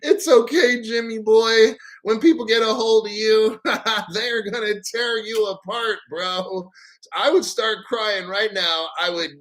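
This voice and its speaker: A man's voice: sits high, fairly even intonation, unhurried, fairly bright tone, poor audio. A man hosting his crypto channel, ranting in a gleeful, mocking and profane way. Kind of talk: ranting vlog commentary.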